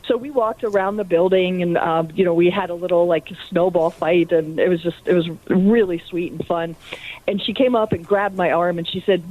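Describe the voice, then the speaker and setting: A woman's voice: lowish voice, moderate pace. Earnest woman calling in by phone. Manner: earnest, with frequent fillers and soft laughs. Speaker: radio show caller. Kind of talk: personal testimony. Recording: tinny phone line.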